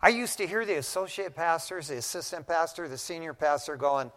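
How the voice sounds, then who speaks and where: A middle-aged man, a pastor, giving a casual, animated sermon full of stories, often saying "man". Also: fairly high pitch, fairly quick, few pauses. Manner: folksy, animated storytelling preacher, says "man" often. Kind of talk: conversational sermon. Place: church sanctuary. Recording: long reverb of a large church hall.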